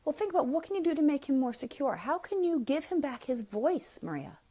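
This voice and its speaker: A middle-aged woman hosts a live parenting question-and-answer session and answers viewer comments as they come in. She talks bluntly and frankly and leans hard on her points. Her pitch swings sharply upward whenever she gets animated. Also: a little fast. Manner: animated, with sudden jumps up in pitch. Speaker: parenting coach host.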